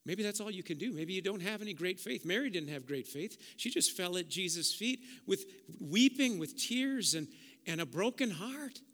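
A male pastor with a bright, forceful, fairly high voice preaches with passion, swelling to loud peaks and dropping to soft prayer. His sermon rings through a church sanctuary with a long, hall-like reverb. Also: animated, moderate pace. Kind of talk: sermon with altar call.

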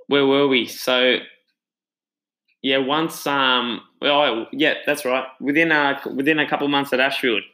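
An Australian man speaks in a relaxed, chatty storytelling manner, earnest and reflective. His voice sits at a middle pitch and has a bright, forward tone. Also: low-quality recording. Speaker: gym owner and trainer. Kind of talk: casual personal storytelling.

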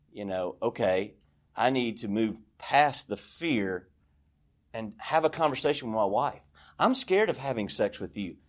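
A man speaking candidly and at length as the speaker at a recovery meeting in a church, rambling and confessional. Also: medium pitch. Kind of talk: personal share at a recovery meeting.

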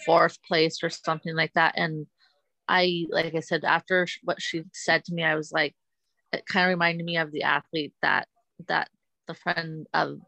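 A woman from the United States, a guest athlete in a casual interview, speaking earnestly and haltingly and often repeating herself. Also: sits low, little pitch movement, gravelly, sharp tone, no echo, low-quality recording.

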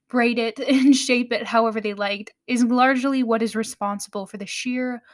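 An American woman hosting a podcast, explaining baking in a friendly way with small laughs and self-corrections. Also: mid-range voice. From United States. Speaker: podcast host. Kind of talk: scripted podcast narration.

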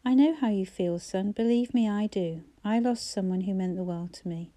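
Woman reading as a gruff, grieving old father. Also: mid-range voice, moderate pace, mellow, close to an everyday voice. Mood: consoling. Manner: gruff, heavy with regret. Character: gruff older father, broken by grief.

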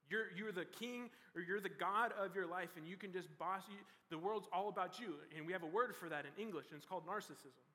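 Young guy youth pastor, high bright voice, chatty, lots of likes, big echoey hall. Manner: casual and conversational, full of "like" and "you know". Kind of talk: youth sermon. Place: large church hall. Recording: reverberant hall.

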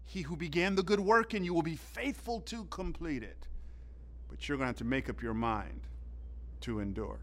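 A man from the southern United States preaching a sermon, telling stories in an animated way and swinging between loud and hushed. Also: on the high side, normal speed. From southern United States (Atlanta). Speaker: pastor.

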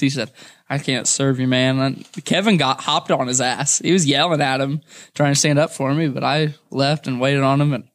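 Laughing young man telling a rowdy story. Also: a little high. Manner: laughing often, profane, animated. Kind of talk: casual storytelling.

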